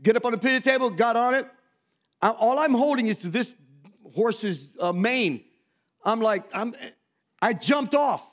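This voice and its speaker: Folksy high-voiced pastor in his fifties. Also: lively intonation, a little slow, pauses often. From Missouri. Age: 50s. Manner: folksy, self-mocking storytelling with acted quotes. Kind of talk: sermon.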